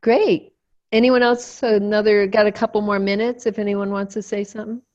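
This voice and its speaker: A woman hosting a support circle over a video call, sharing her goals openly with soft laughs. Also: medium pitch, little pitch movement, moderate pace, dry recording. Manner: open, reflective, laughs softly while talking. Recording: dull lo-fi video call audio.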